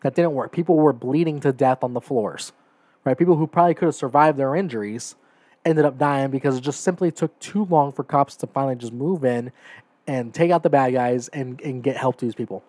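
Talking fairly quickly in a mellow, mid-range voice with no echo, this man runs a solo podcast full of strong opinions. He's emphatic, keeps tossing in "right?" and "okay?", and grows increasingly heated.

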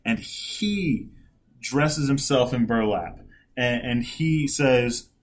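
A man's voice: medium pitch, takes it slowly. Joking man telling Bible stories. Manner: joking, animated storytelling, laughs often. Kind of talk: casual chat.

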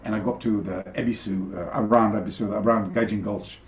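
An older man, a karate master, tells stories as a guest in a casual interview over a video call. He is animated and rambling, full of fillers and restarts, speaking briskly in a lowish voice. The room sounds echoey.

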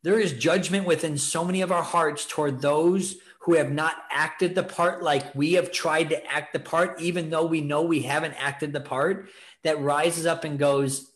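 A man's voice: on the high side, steady tone, normal speed. A man hosting a faith podcast, preaching in an earnest, exhorting way and acting out the thoughts of people in the story. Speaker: podcast host teaching on scripture. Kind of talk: preaching talk, casual.

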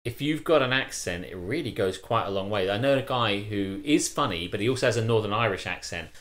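A man chats on a live stream, his pitch rising and falling a lot. He is opinionated and animated and keeps restarting his sentences mid-thought. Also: brisk. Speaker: co-host. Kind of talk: casual live-stream chat.

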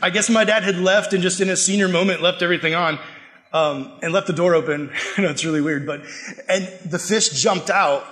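A man with a noticeably high-pitched voice delivers a sermon. He tells stories animatedly, acting out what people said. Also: fairly quick. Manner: animated, acts out quotes and laughs while telling stories. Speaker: preacher. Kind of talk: sermon with personal storytelling.

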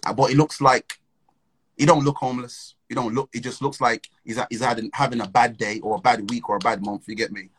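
A young man tells a personal story in a relaxed, slang-heavy way, often breaking into laughter. His voice sits at an ordinary middle pitch. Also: fairly quick, slightly rough, low-quality recording. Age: young adult. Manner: slangy, animated, laughs between phrases. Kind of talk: casual storytelling chat.

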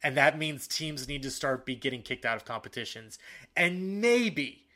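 A man co-hosting a soccer podcast in casual talk, animated and fired up, with frequent fillers and restarts. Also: medium pitch, moderate pace. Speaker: podcast co-host.

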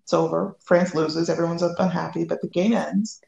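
A woman from the United States, a guest telling a personal story in a lively way, acting out the quoted lines. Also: fairly low pitch, brisk, gravelly, reverberant, muffled recording. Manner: lively, acts out quoted dialogue.

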